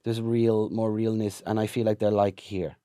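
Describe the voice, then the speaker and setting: A man chatting as a comedian guest, teasing and quick with laughing asides. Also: on the low side, level tone, mellow, dry recording, clean studio sound. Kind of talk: casual chat.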